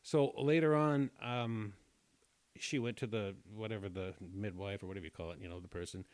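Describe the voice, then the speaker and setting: A man's voice: lowish voice, a little fast, darkish tone, dry recording. Rambling storyteller man, dry sound. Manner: rambling anecdotal storytelling, frequent throat clearing; self-deprecating humor. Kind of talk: casual chat.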